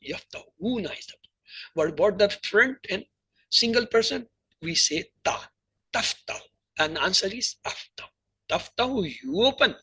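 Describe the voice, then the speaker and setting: Guy teaching a grammar class, super raspy bright voice, goes over forms one by one. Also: high-pitched, rough recording. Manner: explains slowly, repeats verb forms in lists. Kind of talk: online class lecture.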